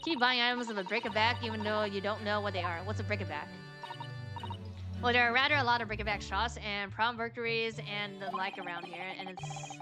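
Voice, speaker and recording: A woman streamer reading a game's dialogue aloud and voicing every character herself, with casual asides between lines. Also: medium pitch. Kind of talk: reading game dialogue aloud in a let's-play. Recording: game music playing underneath.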